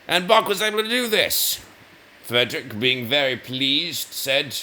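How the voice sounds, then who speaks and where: A man's voice: medium pitch, big pitch swings, a little slow, pushed and bright. A man giving rambling commentary over gameplay, often correcting himself mid-sentence. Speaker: gaming video host.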